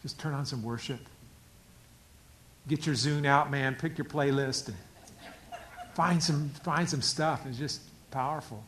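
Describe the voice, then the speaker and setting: A man preaching a sermon as a pastor, swinging between hushed, quiet passages and louder, animated stretches. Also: mid-range voice, unhurried, long pauses, slight background noise.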